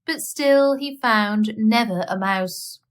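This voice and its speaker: A woman reading a children's bedtime story aloud in a gentle, expressive manner. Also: a little high, takes it slowly.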